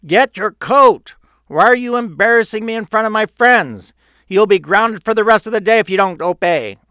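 A man voicing an exasperated father who goes from asking politely to yelling at his daughter. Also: on the high side, very animated, moderate pace, no room sound, clean studio sound, voice pushed up. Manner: rising from polite request to yelling.

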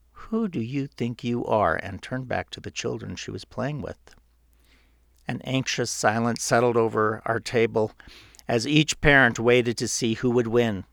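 A man reading his own book aloud in a measured, earnest narrating style. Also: medium pitch, gravelly, a bit bright, dry recording, clean studio sound. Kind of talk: audiobook narration.

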